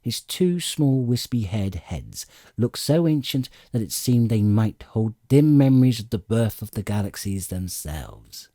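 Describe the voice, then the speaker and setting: A man narrating an audiobook with expressive storytelling and dry comic timing. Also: fairly low pitch, unhurried, dry recording. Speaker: audiobook reader.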